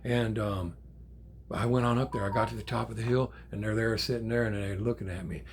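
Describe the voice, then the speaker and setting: A man's voice: fairly low pitch, fairly quick, faint music behind. Older man telling a story. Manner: animated, swearing, acts out quotes. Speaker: channel host. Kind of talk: casual storytelling.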